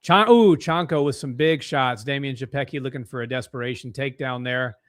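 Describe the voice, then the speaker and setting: A young man co-hosting a live fight watch-along from home, calling strikes excitedly and reading out chat comments. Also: mid-range voice, fairly quick, dry recording, studio quality. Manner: excitable, gasping at big strikes.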